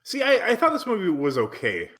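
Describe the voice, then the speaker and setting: A man's voice: high-pitched, huge pitch swings, brisk, a bit bright. A man with the hiccups, chatting casually on a podcast about a movie he watched, rambling with many restarts. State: has the hiccups. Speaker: podcast co-host. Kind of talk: casual chat reviewing a movie.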